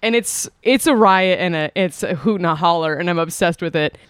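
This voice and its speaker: A woman's voice: fairly low pitch, fairly quick, clean tone, dry recording. A woman co-hosting a comedy podcast, chatting casually in a bubbly, playful, giggly way. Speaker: podcast co-host.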